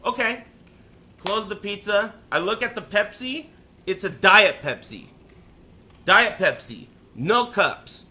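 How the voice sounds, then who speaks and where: A man telling a story in a casual, profane rant, swinging between loud outbursts and low mutters. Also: animated, slow. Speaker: storyteller on a live stream.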